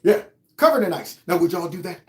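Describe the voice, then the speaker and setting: Sarcastic commentary host in an echoey room. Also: male voice, high-pitched, big pitch swings, brisk, darkish tone. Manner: sarcastic, mocking and heated. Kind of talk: political commentary. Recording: roomy echo.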